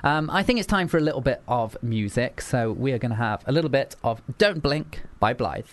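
A man's voice: medium pitch, expressive, a little fast, very noisy. A man hosting a radio show in casual chat, chatty, often stumbling and repeating words.

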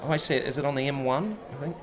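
A man's voice: medium pitch, rapid-fire. Chatty New Zealand man, crowd behind. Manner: playful, chatty. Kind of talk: casual chat.

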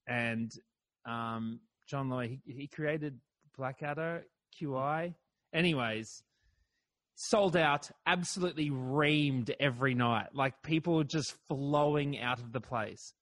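A comedian from Australia chatting casually, rambling and self-deprecating, swearing now and then. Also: male voice, mid-range voice, fairly bright tone, no room sound. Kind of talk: casual chat.

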